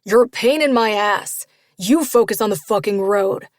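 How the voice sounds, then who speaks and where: A woman's voice: mid-range voice, moderate pace, dry recording, clean studio sound, lightly acted. A woman voicing a brash, hot-tempered young man who snarls orders at his friends. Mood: aggressive. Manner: snarling, ordering people around.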